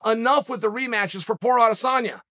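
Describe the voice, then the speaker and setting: A man talks in a casual monologue as a sports podcast host. His voice sits high and rings bright and tense. He hammers his points home in short, rhetorical, emphatic lines. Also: a little fast. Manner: emphatic, punchy rhetorical delivery.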